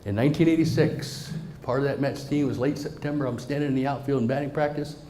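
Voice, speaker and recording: A middle-aged man gives a storytelling speech to a live audience in a meeting room. He swings between emphatic lines and hushed, near-whispered asides. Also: medium pitch, fast talker, a little hiss or hum. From Southern United States. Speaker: motivational speaker.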